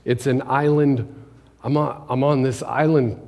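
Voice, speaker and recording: A man preaching a conversational sermon, asking the congregation questions and dropping his voice low for emphasis. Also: fairly even intonation, measured pace, mellow. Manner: conversational preaching, rhetorical questions, drops to near-whisper for emphasis. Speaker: pastor. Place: church sanctuary. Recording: long hall reverb.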